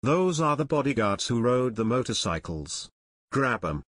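A man voicing an excitable male bank guard who stammers in an audiobook. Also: medium pitch, normal speed. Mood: excited.

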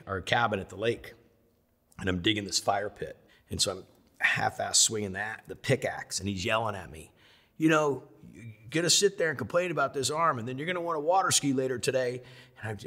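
A middle-aged man telling lively stories in a sit-down interview, acting out the voices of the people in them. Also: on the low side, breathy edge. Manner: animated storyteller, acts out voices of others. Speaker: interview guest.

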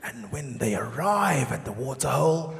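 A man voicing a solemn nature documentary narrator with a low, drawn-out delivery, recorded live in a theatre. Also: very animated, gravelly, a bit bright. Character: deep slow nature documentary narrator, male adult. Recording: live theatre hall with audience laughter.

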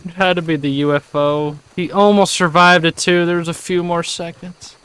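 A man's voice: a little high, level tone, normal speed, a bit bright, clean tone. A young man streaming a video game, swearing, complaining and laughing in mock grief. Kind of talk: casual game commentary.

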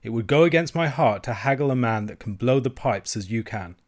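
A hot-tempered Highland swordsman, proud and quick to take offence, as a male audiobook reader puts him on. His lines rise slightly above the narrating voice, with pointed emphasis. It sounds like a storybook character. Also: animated, natural voice. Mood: admiring.

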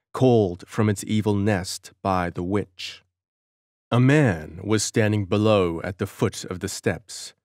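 A man narrating an audiobook in a measured, dramatic storytelling manner. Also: on the low side, dry recording, studio quality.

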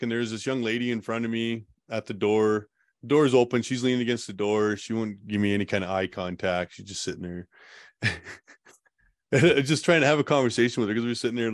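A man's voice: fairly low pitch, no echo, studio quality. A man in a casual interview, telling a long story in a rambling way and laughing now and then. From Canada. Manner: rambling, laughs while recounting. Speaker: guest telling his survival story.

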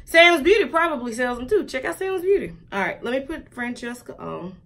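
A woman's voice: high voice, sing-song, brisk, a bit bright, slight background noise. A woman chatting casually and joking straight to viewers while reviewing a wig for her vlog.

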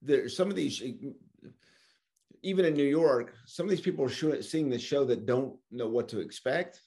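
A man's voice: mid-range voice, normal speed, mellow. A man hosting a podcast, asking eager, encouraging questions in casual chat. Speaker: podcast host.

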